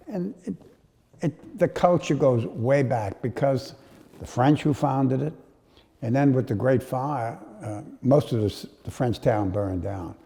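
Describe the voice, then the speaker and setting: An older man with a New Orleans accent, telling stories in an interview, unhurried and full of uh fillers. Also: mid-range voice, gravelly, mellow. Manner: storytelling, unhurried, with frequent uh fillers. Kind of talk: reminiscing interview. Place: historic house. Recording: long hall reverb.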